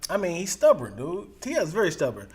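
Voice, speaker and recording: A man's voice: high-pitched, wildly swooping pitch, fast, husky. A man co-hosting a casual podcast, telling stories with animation and pushing back with questions. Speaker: podcast co-host. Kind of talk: casual chat.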